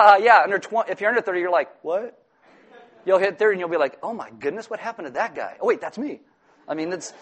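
A male pastor preaching a sermon in an animated way, breaking off for joking asides to the congregation. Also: high voice.

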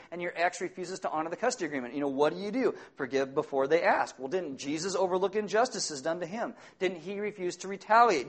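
A man preaching a sermon as pastor, animated, acting out little scenes in exaggerated voices. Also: sits high.

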